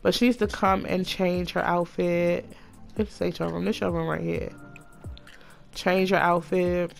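A woman's voice: lowish voice, little pitch movement, measured pace, vocal fry, soft background music. A woman giving casual, sassy, profane let's-play commentary. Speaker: gaming channel host.

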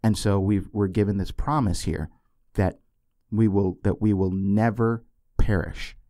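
A man's voice: fairly low pitch, fairly even intonation, unhurried, warm tone, dry recording, clean studio sound. A man teaching the Bible on a podcast, earnest and emphatic, repeating key words and checking in with "okay?" and "right?".

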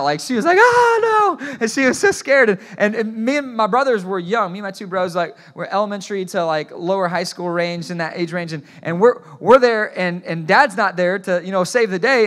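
A man preaching a sermon as pastor, telling stories in an animated way, often restarting his phrases and asking the congregation to repeat words after him. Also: high voice.

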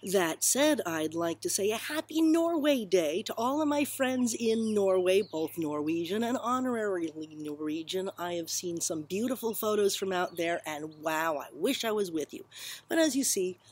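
A woman's voice: medium pitch, animated, normal speed, husky. A woman telling a joke in a casual backyard vlog, playfully acting out the squawks of animals. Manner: playful storyteller, squawks loudly for animal voices. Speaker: vlogger. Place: outdoors in a backyard.

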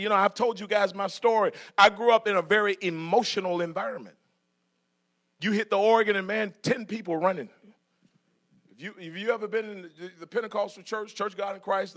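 A middle-aged man preaching a sermon in church, moving from soft asides to shouted passages and joking with the congregation. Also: high-pitched. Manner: jokes with congregation, laughs. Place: church sanctuary.

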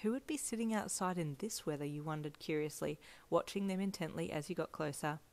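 A woman narrating a second-person fanfiction story in a gentle, even storytelling manner. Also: sits low, a little fast.

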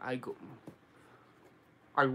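A man's voice: very slow, slight background noise. Laid-back Boston guy chatting live. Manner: relaxed, slangy, says dude and bro a lot. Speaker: sneaker YouTuber answering live chat. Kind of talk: casual live stream chat.

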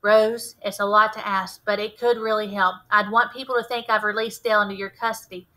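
Woman reader doing a persuasive male detective: calm, firm, clear and bright, a little raised in volume. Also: mid-range voice, brisk, lightly acted, rough recording. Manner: firm, reasoning, reassuring. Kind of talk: read-aloud character voice.

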